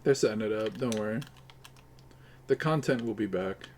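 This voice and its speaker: A man's voice: fairly low pitch, normal speed, darkish tone, slight background noise. A man live-streaming while gaming, chattering in a rambling, crude, joking way to his viewers.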